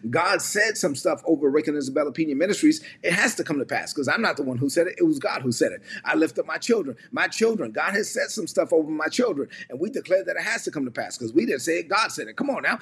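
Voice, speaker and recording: A man with a slightly husky, somewhat raised voice preaches in a livestreamed sermon. He leans on repeated phrases and keeps prompting his viewers to answer in the chat. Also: on the high side, fairly bright tone. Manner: preaching with repetition and call-and-response to the chat. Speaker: pastor and ministry leader.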